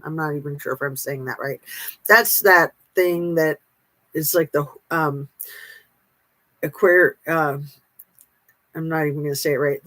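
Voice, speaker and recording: A woman's voice: sits low, no room sound, rough recording. A woman host reading a memoir aloud, then chatting casually with viewers' comments, with fillers and self-corrections.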